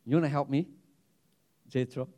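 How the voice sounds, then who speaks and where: A man preaching a sermon as pastor, animated, repeating words and restarting his phrases. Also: medium pitch, normal speed, lo-fi sound.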